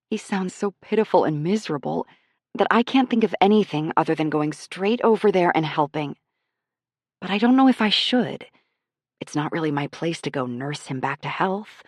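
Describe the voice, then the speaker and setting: Woman, romance audiobook narrator, animated, low pitch, dry close recording. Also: dry recording. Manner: animated, playful, self-mocking.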